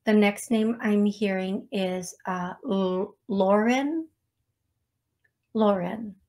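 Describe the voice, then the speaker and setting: On her psychic medium live stream, a woman with a mid-range, darkish voice chats casually with viewers, reading out names and songs. She speaks slowly, gently mocking herself with little laughs throughout the talk show.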